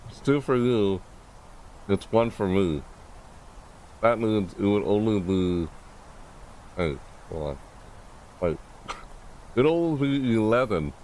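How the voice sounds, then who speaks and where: A man streaming a live reaction, thinking aloud, rambling and correcting himself, with excitable bursts. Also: takes it slowly, long pauses, slight background noise. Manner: excitable, bursts into high shouts.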